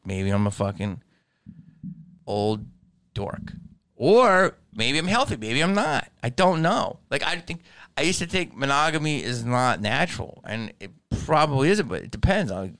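A middle-aged man doing a casual comedic monologue, profane and animated, slipping into put-on voices. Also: medium pitch, unhurried, no echo.

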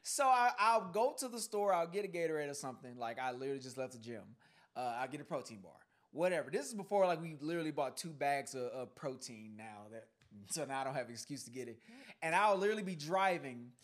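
A man's voice: fairly high pitch, quick pace. A young man co-hosting a casual podcast, telling stories playfully with laughter. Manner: animated storytelling, playful. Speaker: podcast co-host. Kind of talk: casual chat.

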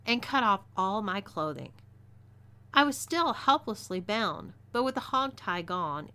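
A woman with a Texas twang reads a first-person story aloud. Her voice is bright and expressive, with lively swings in pitch. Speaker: story narrator.

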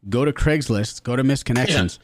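A man's voice: medium pitch, a little fast, no room sound. A man co-hosting a casual comedy podcast, telling crude, jokey stories. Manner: animated, crude, jokey storytelling. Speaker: podcast co-host.

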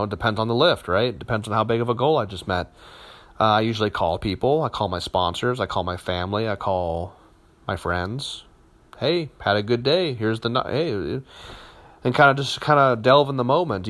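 A man in his thirties, a competitive powerlifter, telling his story in a relaxed, candid way with many fillers and repeated words. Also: on the low side. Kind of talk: casual spoken account.

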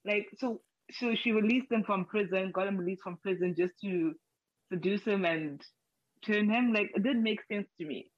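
A woman's voice: mid-range voice, moderate pace, no room sound. Dry, muffled woman rambling casually. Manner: rambling, many "like" fillers and restarts. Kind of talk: casual chat.

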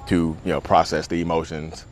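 Deep-voiced man vlogging outdoors. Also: level tone, a little fast, a little hiss or hum. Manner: rambling, conversational, many fillers. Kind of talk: casual talk to camera. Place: outdoors at the beach.

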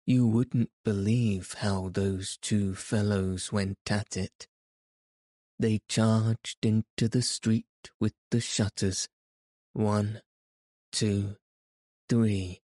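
A man narrating a classic story in an expressive, measured audiobook reading. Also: fairly low pitch, dry recording, clean studio sound.

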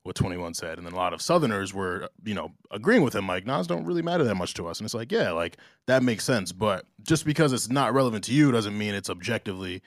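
A man from New Jersey talks casually on a podcast in a lowish voice. He loops through fillers and self-corrections as he works out his point. The sound is dry and close to the mic. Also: lively intonation, fast, few pauses, no room sound. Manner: conversational, filler-heavy with restarts. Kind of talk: casual chat.

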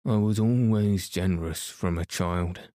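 A man's voice: low voice, measured pace, warm tone, dry recording, studio quality. A man voicing a cross, ancient, small furry sand fairy in a bedtime storybook reading, with curt, grumpy lines.

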